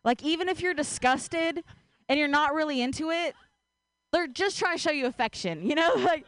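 Woman, stand-up comic, high voice, chatty, self-mocking, lots of fillers. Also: expressive, normal speed, a bit bright, dry recording. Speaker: stand-up comedian. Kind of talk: stand-up set. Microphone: handheld stage mic.

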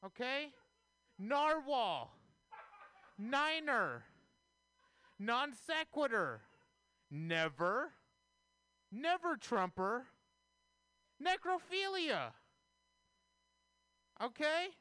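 A man performs a stand-up set live on radio with a deadpan, deliberate delivery. His voice is bright and smooth. He takes his time, and the room sound is dry. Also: very high voice, no room sound. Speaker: stand-up comedian.

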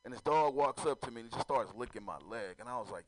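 A man's voice: medium pitch, fast, hardly any pauses, no echo, low-quality recording. A man doing a loose, profane stand-up comedy set, often laughing at his own jokes.

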